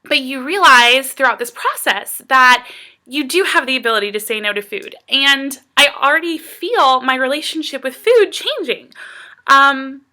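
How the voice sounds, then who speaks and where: A woman's voice: sits high, sing-song, normal speed, sharp tone. An American woman talking casually to her camera as a vlogger, rambling and earnest with lots of fillers. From United States.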